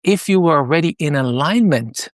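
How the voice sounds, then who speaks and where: A middle-aged man from Iran, a podcast guest, telling stories in an animated way with many fillers and restarts. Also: a little high, moderate pace, dry recording, studio quality. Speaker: podcast guest, palm leaf reading moderator. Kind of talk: conversational interview storytelling.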